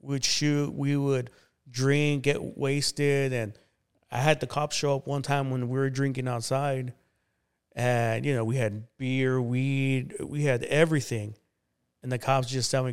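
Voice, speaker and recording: A man's voice: mid-range voice, a little slow, clean tone. A man, a pastor and interview guest, telling his life story casually with many fillers. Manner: relaxed, conversational, many fillers like "you know".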